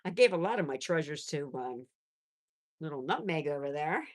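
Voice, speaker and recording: A middle-aged woman hosts a casual pet livestream in a low, expressive voice at normal speed. She chats warmly, reads viewer messages aloud and coos to her animals in baby talk.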